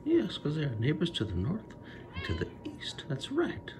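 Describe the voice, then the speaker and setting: A man's voice: on the high side, huge pitch swings, normal speed, background noise. A man talking to his cat at home in a doting baby-talk voice. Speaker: pet vlogger. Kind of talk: casual talk to a pet cat.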